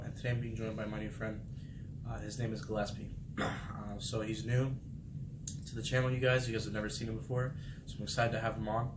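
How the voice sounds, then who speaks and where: A young man and Navy sailor hosting a casual vlog, relaxed at first and then upbeat and animated, talking with friends in a barracks room. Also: lowish voice. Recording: echoey room with background noise.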